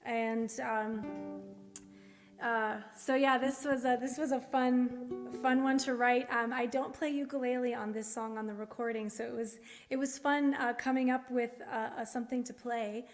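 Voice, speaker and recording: A woman's voice: a little high, steady tone, moderate pace. A woman musician chatting casually and with a giggle between songs at a live event. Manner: giggly, informal. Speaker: musician and host. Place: live performance venue. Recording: long reverb with music behind.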